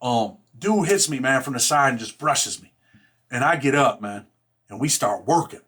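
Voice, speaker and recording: A man casually telling a personal story in rough street slang, blunt and profane, filling every pause with "man" and "right?". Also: medium pitch, expressive, fairly bright tone.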